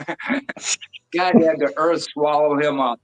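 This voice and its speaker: Man in his sixties, rambling casual chat, laughs and swears, slightly high voice. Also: fairly even intonation, takes it slowly, a bit bright, rough recording. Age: 60s.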